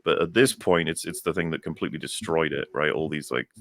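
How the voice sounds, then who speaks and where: A man talking casually as a panelist, animated and swearing freely. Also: very deep voice, fast, dry recording.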